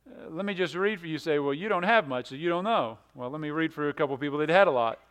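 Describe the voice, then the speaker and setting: High-voiced, smooth-toned man preaching a sermon. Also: expressive, quick pace. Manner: dynamic, swings between loud emphatic and hushed delivery; often repeats words and restarts. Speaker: pastor.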